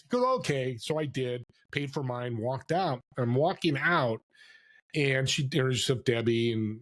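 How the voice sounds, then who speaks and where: A man telling stories as a podcast guest, lively and acting out the voices of people he quotes. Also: medium pitch. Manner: animated storyteller, acts out quoted voices. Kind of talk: storytelling interview. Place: California.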